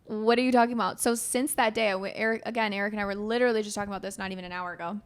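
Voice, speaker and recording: A woman's voice: medium pitch, very fast, smooth. A young woman hosting a podcast, telling childhood stories with lots of swearing. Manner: animated, profane storytelling. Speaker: podcast host. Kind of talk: casual podcast chat.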